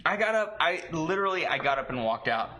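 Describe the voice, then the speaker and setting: A man co-hosting a casual movie chat, profane and animated when he tells stories. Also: fairly high pitch, quick pace. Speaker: podcast co-host.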